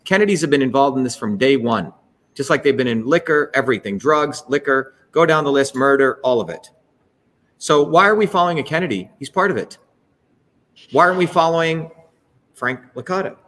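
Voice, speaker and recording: A man hosting a political livestream, giving a heated, profane speech that rises to shouts. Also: mid-range voice, brisk. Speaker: host.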